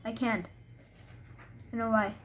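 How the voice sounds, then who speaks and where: A woman giving live, chatty gameplay commentary, excitable and full of fillers. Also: fairly high pitch, slow. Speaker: gamer.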